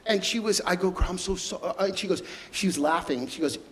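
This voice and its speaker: A middle-aged man telling emotional stories as a guest onstage, halting and stumbling over repeated words. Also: high voice, fairly bright tone, a little hiss or hum, low-quality recording. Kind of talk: emotional storytelling conversation.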